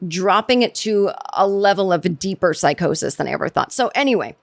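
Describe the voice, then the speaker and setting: A woman's voice: lowish voice, lively intonation, fairly quick, creaky. A middle-aged woman hosting a solo comedy podcast, talking in a sardonic, rambling way that keeps interrupting itself. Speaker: podcast host.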